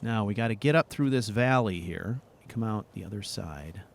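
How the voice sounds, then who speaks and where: A man hosts a let's play, chatting casually over his gameplay with free swearing and sudden excited outbursts. His voice is lowish and creaky, at a moderate pace.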